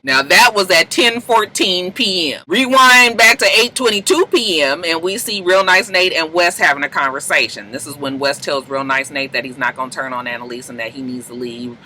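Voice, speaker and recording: Animated, profane woman recapping TV. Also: moderate pace, hardly any pauses, a little hiss or hum, low-quality recording. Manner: animated, profane, acts out characters' lines in pitched-up voices. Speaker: TV recap vlogger. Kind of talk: casual TV episode recap.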